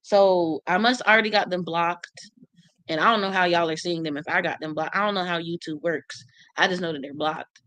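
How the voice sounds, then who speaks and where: Her voice lowish and sharp, a livestream host using AAVE reads comments aloud and snaps back at the people posting them. She's brash, blunt, and profane, cussing freely as she talks trash in a casual chat, with a dry, close sound.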